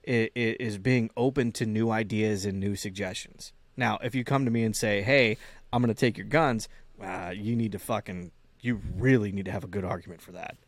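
A man's voice: on the low side, steady tone, normal speed, no room sound. A man co-hosting a comedy podcast in casual chat, talking emphatically with lots of swearing and repeated words. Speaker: podcast co-host.

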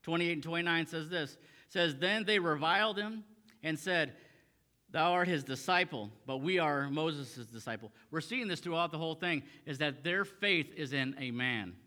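Bright-voiced male pastor in a reverberant church. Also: on the high side, normal speed. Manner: reads scripture then paraphrases with fillers and repeats. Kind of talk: sermon. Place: church sanctuary.

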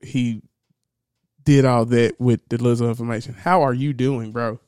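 A man co-hosting a podcast from a home workshop, animated as he retells conversations and laughs easily. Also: medium pitch, normal speed, smooth, no room sound, clean studio sound. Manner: animated, laughing storyteller who retells exchanges. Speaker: podcast co-host. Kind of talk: casual podcast chat.

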